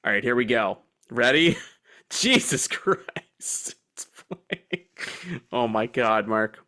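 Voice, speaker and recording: A man's voice: mid-range voice, lively intonation, slow, pushed and bright. A young man co-hosting a movie podcast, chatting casually and swearing freely, often laughing and acting out quotes in silly voices. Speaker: podcast co-host. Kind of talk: casual chat.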